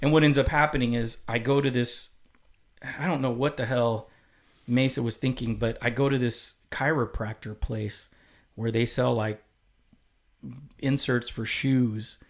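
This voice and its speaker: A podcast guest with an ordinary medium-pitched voice tells a story in loose, casual chat, swearing freely and candidly. He slips into the voices of the people he quotes, speaking at a measured pace with fairly even intonation.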